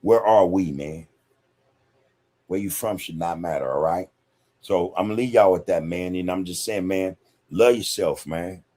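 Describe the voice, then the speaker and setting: A man's voice: low voice, moderate pace, mellow. A man hosting a casual livestream podcast and reading viewer comments. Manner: laid-back, laughs often, says "man" a lot. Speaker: podcast host reading live chat.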